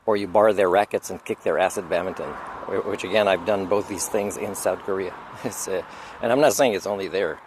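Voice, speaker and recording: A man's voice: low voice, a little fast, a little hiss or hum. A man with a French accent talking in a rambling, opinionated roadside monologue, chuckling as he goes. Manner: opinionated, digressive, chuckles often. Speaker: vlogger. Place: outdoors by a road, on a motorcycle trip.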